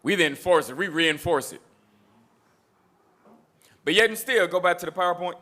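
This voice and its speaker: A man's voice: high-pitched, moderate pace, bright, forceful tone. A man preaching a sermon that mixes scripture with street talk, emphatic and repetitive, with mocking asides.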